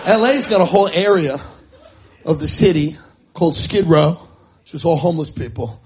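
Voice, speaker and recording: A man's voice: on the high side, moderate pace, background noise. A man doing wry, offhand observational stand-up. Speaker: stand-up comedian. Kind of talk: stand-up comedy.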